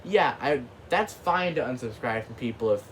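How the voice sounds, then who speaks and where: A man who hosts his own channel rants in a casual, rambling way, packing his speech with filler words and mild cursing. His mid-range voice is expressive at a moderate pace, with slight background noise.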